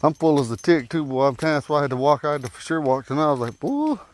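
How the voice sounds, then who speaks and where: A man giving a casual, folksy language lesson while out walking at night, talking into a phone and repeating words slowly. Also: mid-range voice, fairly even intonation, a little hiss or hum. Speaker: language teacher. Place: outdoors at night on a walk.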